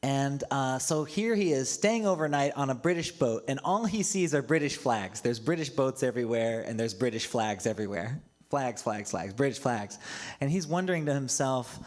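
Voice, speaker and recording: A man's voice: mid-range voice, expressive, normal speed, darkish tone. A man preaching a casual, storytelling sermon as a pastor, often breaking into laughter between remarks. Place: church livestream.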